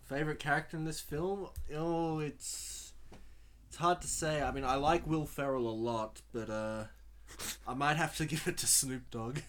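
A man in a casual movie commentary chat, relaxed and chatty with halting restarts. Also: a little high, a little hiss or hum.

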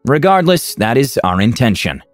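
A man's voice: mid-range voice, sing-song, moderate pace, dry recording, soft background music, lightly acted. A man voicing a smug, self-assured female party leader.

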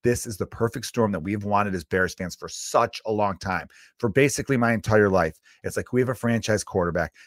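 A man's voice: on the low side, a little fast, hardly any pauses, no echo. Profane ranting man, dry sound. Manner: loose, rambling with many fillers. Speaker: podcast host. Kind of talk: solo podcast rant.

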